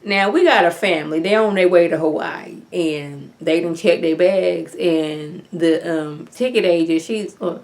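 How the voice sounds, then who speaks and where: A woman's voice: lowish voice, unhurried, creaky, hardly any pauses. Chatty woman recapping a TV episode. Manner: chatty, animated retelling with lots of "like". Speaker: TV episode reviewer. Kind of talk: casual recap vlog.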